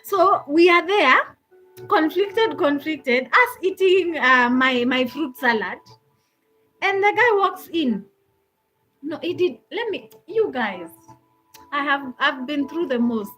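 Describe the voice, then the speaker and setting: Kenyan woman telling a story, high bright voice, lots of laughing, soft music behind. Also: lively intonation, slow pace, poor audio. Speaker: host. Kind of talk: storytelling talk.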